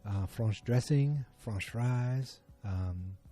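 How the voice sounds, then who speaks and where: A man with a husky, very dark and mellow voice talks through a TV episode as a podcast host. He rambles casually, stops to correct himself and fills gaps with ums. Faint music sits behind him. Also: medium pitch, extremely slow. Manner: rambling, filler-heavy, self-correcting. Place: at home beside a muted streaming screen.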